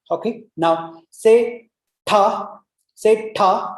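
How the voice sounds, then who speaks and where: Breathwork teacher, soft warm tone, coaxing and repetitive, demonstrates humming; echoey room. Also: mid-range voice, slow pace. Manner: coaxing, repeats cues, many "you know" fillers; demonstrates long humming sounds. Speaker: breathwork instructor. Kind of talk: guided breathing lesson. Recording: roomy echo.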